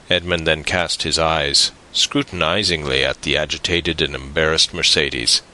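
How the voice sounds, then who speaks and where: A male audiobook narrator with a deep, low voice and a bright, forceful tone. He reads a classic novel slowly, in a measured, deliberate manner. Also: low-quality recording. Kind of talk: scripted narration.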